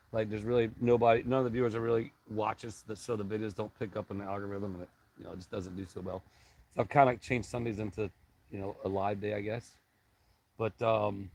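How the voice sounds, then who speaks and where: A middle-aged man hosting a casual live stream, rambling and halting as he reads viewer comments aloud and chats back. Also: mid-range voice, low-quality recording.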